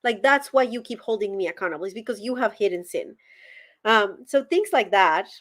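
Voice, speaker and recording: A woman's voice: mid-range voice, lively intonation, brisk. A woman from Colombia with a Colombian Spanish accent, a former pastor in casual conversation, acting out quoted dialogue as she tells stories.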